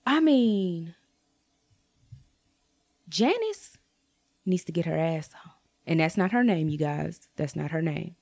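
A young adult woman telling a casual storytime rant to her viewers, blunt and profane, with jumps to high exclamations. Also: normal speed, gravelly. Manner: animated, swings to high exclaims. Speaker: vlogger.

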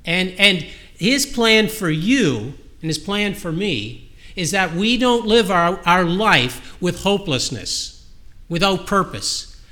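A high-pitched man preaching a sermon to a congregation. His voice is bright and ringing. He speaks with earnest emphasis, slowing down on key phrases and often restarting them. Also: very animated.

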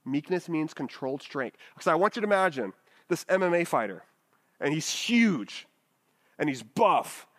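A man's voice: on the high side, big pitch swings, normal speed, fairly bright tone. A man preaching a sermon in a casual, conversational way, often checking in with his listeners with "right?". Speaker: pastor.

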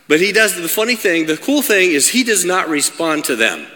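A man preaching in a church hall, his voice fairly high and bright. He reads scripture calmly and then builds to loud, emphatic appeals, checking in with "right?" again and again. The hall gives his voice a long echo. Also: normal speed. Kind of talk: sermon.

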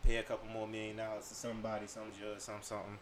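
A man's voice: lowish voice, monotone, racing, noisy background. A man talking casually on a podcast, explaining his views at length.

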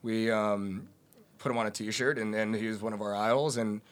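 Man guest, plain mid voice, halting and filler-heavy, casual banter. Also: lowish voice, fairly even intonation. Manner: hesitant, many fillers and restarts. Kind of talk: casual chat.

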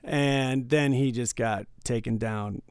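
A man co-hosting a casual podcast, telling a work story in an animated way and acting out the quoted lines. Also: medium pitch, slow pace, smooth, no echo, studio quality. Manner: animated, acts out quoted dialogue. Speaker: podcast co-host, casino worker.

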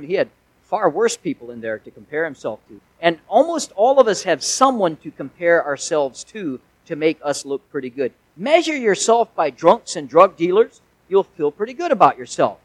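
A man's voice: high voice, no echo, rough recording. A male pastor delivering a sermon in a conversational way, with folksy asides and emphatic swells.

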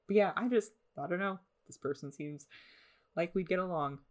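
Low-voiced woman rambling on her podcast. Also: normal speed. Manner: rambling, self-deprecating, sarcastic asides. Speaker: podcast host. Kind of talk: casual solo podcast monologue. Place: home in the suburbs.

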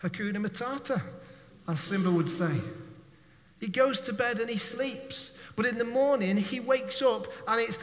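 A man's voice: high-pitched, moderate pace, big-room sound. A male preacher giving a conversational sermon with jokes and direct questions to his congregation.

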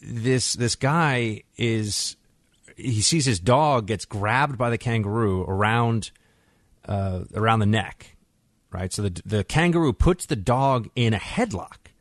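Radio host guy, lowish voice, dry studio mic, chatty and animated telling a story. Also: takes it slowly, no room sound. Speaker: radio talk show host. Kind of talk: talk radio monologue.

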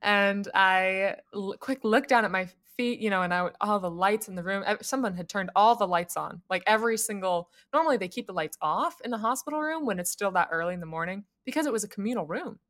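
A woman's voice: medium pitch, fairly quick, hardly any pauses. American woman, young, chatty podcast storyteller, laughs a lot, medium voice. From United States. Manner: animated storyteller who laughs often. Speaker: podcast co-host. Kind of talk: casual storytelling chat.

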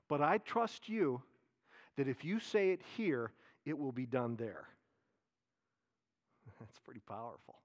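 A male pastor preaching a sermon, animated, repeating key phrases and dropping into soft asides. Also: a little high.

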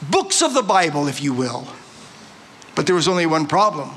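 An older man in his sixties preaching with exuberant warmth toward his listeners. His voice sits a little high and sounds forceful and bright, and he trips over and restarts his phrases as he goes. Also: big pitch swings, moderate pace, pauses often, husky. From Arizona. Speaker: visiting pastor. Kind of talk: sermon.

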